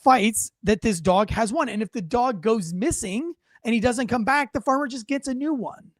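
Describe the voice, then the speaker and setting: A man's voice: very high-pitched, normal speed, dry recording, studio quality. A man who is a police officer hosting a casual interview, explaining through analogies and leading questions, blunt and profane. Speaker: police officer and podcast host.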